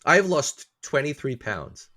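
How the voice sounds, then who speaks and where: A man in his thirties with a lively, swinging delivery tells stories about his kids on a casual podcast. He laughs often, swears freely and slips into other people's voices when he quotes them. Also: fairly high pitch, unhurried. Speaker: podcast co-host. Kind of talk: casual chat.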